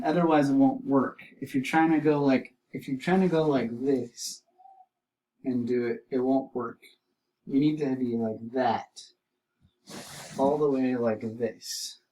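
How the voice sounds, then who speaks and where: A man teaching an art lesson, explaining drawing steps and repeating key terms slowly as he demonstrates. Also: fairly high pitch, a little mellow, recorded from a distance, poor audio.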